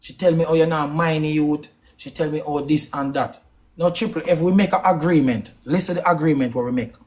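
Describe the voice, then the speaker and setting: A man's voice: fairly high pitch, steady tone, a little fast, a little mellow. A man with a Jamaican accent on a live stream, ranting hard, swearing often and repeating himself for emphasis. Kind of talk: heated live-stream rant.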